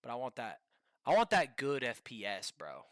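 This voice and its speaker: Lively, bright-voiced male streamer. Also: medium pitch, moderate pace, dry recording, studio quality. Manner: profane, animated, rambling. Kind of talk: live reaction commentary.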